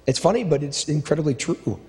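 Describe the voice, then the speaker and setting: A man's voice: expressive, a little fast, a little mellow. Man preaching in a reverberant hall. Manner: impassioned, repetitive preaching with sudden drops to low asides. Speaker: pastor. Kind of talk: sermon. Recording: long reverb of a large hall.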